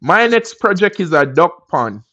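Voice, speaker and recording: A man's voice: high-pitched, big pitch swings, a little slow, bright, forceful tone, dry recording. A man with a Jamaican accent, hosting a live stream and chatting casually with viewers, rambling into encouraging life advice. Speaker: livestream host.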